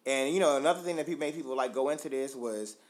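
A man's voice: mid-range voice, quick pace. A man co-hosting a casual chat, telling stories loosely with lots of fillers, restarts and swearing. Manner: loose, profane, filler-heavy storytelling. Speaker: podcast co-host.

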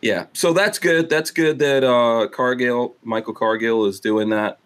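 A male podcast host talks in a relaxed, joking way, ribbing the others at the table. His voice sits in an ordinary middle pitch. He reads the news items in a loose, offhand manner. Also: unhurried, slight background noise. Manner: joking, teasing banter. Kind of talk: casual chat. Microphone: studio mic.

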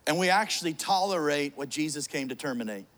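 A man's voice: fairly high pitch, lively intonation, a little fast, a bit bright. A middle-aged man preaching a sermon, telling a funny personal story with jokes and many restarts. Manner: joking, storytelling, frequent restarts.

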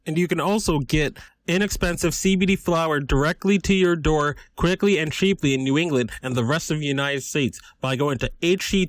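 A man's voice: on the high side, dry recording. A man hosting a podcast, reading out support links, codes and contact details. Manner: reads out addresses and codes slowly. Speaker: podcast host. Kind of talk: reading sponsor and support notes.

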